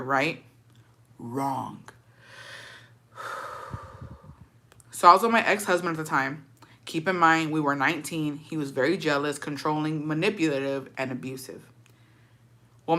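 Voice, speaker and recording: Woman host, casual chatter, low and sharp-toned, full of slang and swearing. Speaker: host reading viewer stories. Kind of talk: casual chat and story reading.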